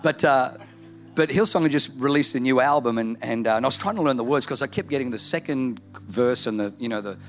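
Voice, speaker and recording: A man's voice: medium pitch, a little fast, soft background music. A man preaching a sermon, telling a story and building to rhythmic repetition.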